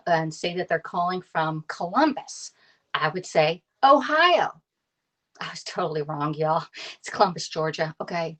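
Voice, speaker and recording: A woman in her thirties from Pennsylvania chatting casually with viewers while cooking on a live stream, laughing often and greeting people by name. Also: lowish voice. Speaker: cooking live-streamer and kitchen tools consultant.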